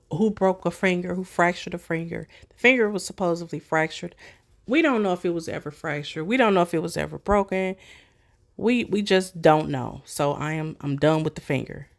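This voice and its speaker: A woman hosts a casual commentary video in a fairly low voice. She draws out her words and talks chattily to her viewers in an unhurried way. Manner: slow, drawn-out, chatty. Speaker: commentary channel host.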